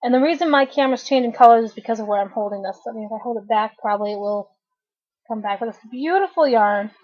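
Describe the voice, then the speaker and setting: A woman in her thirties giving a casual, chatty knitting tutorial to her webcam at home, often clearing her throat. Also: fairly high pitch, fast talker. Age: 30s. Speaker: craft tutorial host. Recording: dull lo-fi webcam audio.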